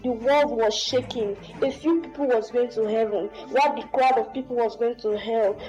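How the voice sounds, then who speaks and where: Female testimony voice, high and mellow, halting, pleading tone. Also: steady tone, faint music behind, poor audio.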